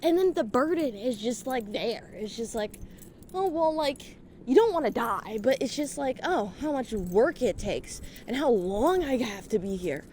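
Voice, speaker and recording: Young woman, higher-pitched voice, casual rambling monologue, swears a lot, slightly out of breath, walking outside at night, faint outdoor ambience. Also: expressive, measured pace, a little mellow, a little hiss or hum. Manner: casual, swears freely, full of "like" fillers. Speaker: vlogger and podcaster.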